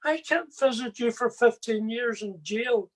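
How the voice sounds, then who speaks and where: A man's voice: very high voice, a little slow. A man voicing a distraught older mother who weeps and scolds her son, in a tearful, reproachful tone. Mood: tearful scolding.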